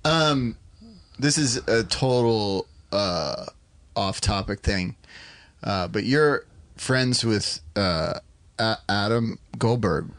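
A man's voice: on the low side, expressive, slow, fairly bright tone, dry recording. A man, a guest actor on a podcast, chatting casually and telling rambling anecdotes. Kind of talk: casual chat.

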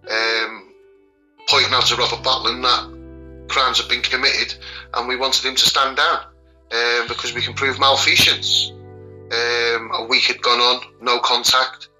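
A man's voice: medium pitch, bright, forceful tone, rough recording. A man with a Liverpool accent, a children's rights campaigner, answering interview questions plainly and hesitantly, with many ums. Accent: Liverpool (Scouse).

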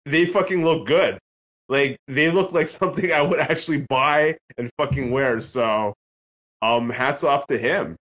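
A man's voice: medium pitch, measured pace, fairly bright tone. A man co-hosting a casual podcast chat, enthusiastic and profane. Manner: enthusiastic, swears, laughs often. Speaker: podcast co-host. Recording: slightly dull audio.

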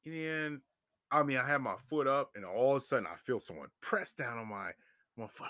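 A young man casually telling a story to his viewers, animated and swearing freely, his voice jumping up when he gets excited. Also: medium pitch, moderate pace, no room sound, clean studio sound. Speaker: vlogger.

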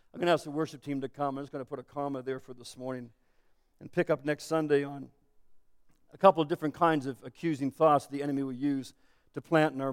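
A man preaching a sermon as pastor, earnest and building to emphatic declarations. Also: medium pitch. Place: church sanctuary. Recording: echoey church hall.

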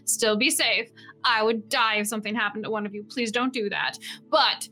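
Woman doing a gushing, high-pitched fantasy mom. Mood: proud. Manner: gushing, excitable, rapid. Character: doting giggly mother, wine-sipping and gushing. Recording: faint background music.

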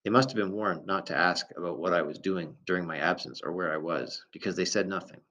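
A man reading a first-person novel aloud in a calm, measured way. The recording sounds dull and lo-fi. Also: low-pitched. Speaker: audiobook narrator.

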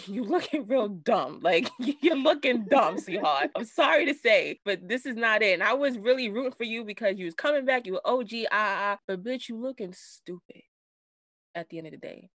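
Slangy, animated woman podcast co-host. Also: fairly high pitch, moderate pace, no room sound. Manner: animated, slangy, does voices when quoting. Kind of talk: casual recap chat.

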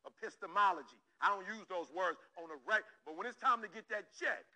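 Motivational speaker, man from Detroit, very high and forceful, emphatic and repetitive with direct address. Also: fairly quick, rough recording. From Detroit, Michigan, USA. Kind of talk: motivational talk to an audience.

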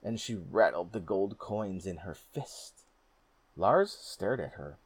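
Low, husky male storyteller. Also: lively intonation, takes it slowly, no room sound. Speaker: narrator. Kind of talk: storybook reading.

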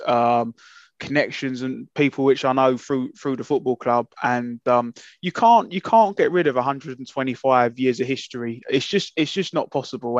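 A man's voice: mid-range voice, dry recording. A man co-hosting a casual podcast, talking in an impassioned, emphatic way with many fillers and restarts. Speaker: podcast co-host. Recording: muffled lo-fi, dry sound.

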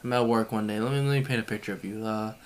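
A young man in his twenties telling a story in casual chat, animated and laughing often. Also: on the low side, very fast, a little hiss or hum.

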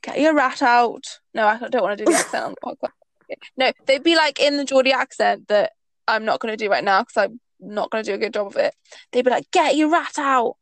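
A young woman from Northeast England chats on a podcast, telling everyday stories with lots of "like" and a slightly high voice. The recording is dry and close, with no room sound. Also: fast talker, no echo, rough recording. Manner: chatty storytelling, lots of "like". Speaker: podcast co-host. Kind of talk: casual chat.

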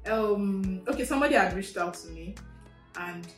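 A woman's voice: mid-range voice, lively intonation, moderate pace. A woman guest on a podcast in casual chat, telling a story with fillers, acting out quoted messages in an amused tone. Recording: echoey room with faint music.

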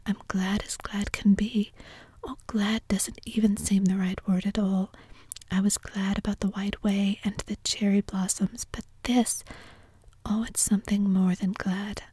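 An eager, emotional orphan girl pours out her pleas in a soft, breathy whisper, as a woman reads her in a whispered role-play. The hush is dark and close, with almost no room around it. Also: medium pitch, no room sound. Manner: imploring, gushing.

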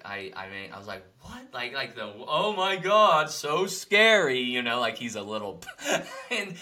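Bright-voiced man telling animated stories. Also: medium pitch. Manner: animated storytelling, acts out angry quotes loudly; rambling with many fillers. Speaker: podcast co-host. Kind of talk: casual spiritual chat.

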